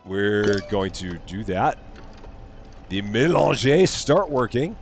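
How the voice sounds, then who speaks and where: A man's voice: fairly low pitch, big pitch swings, slow, soft background music. A man giving chatty, playful live commentary while streaming a game, reading its on-screen text aloud and joking along the way. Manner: chatty, playful, jokey asides.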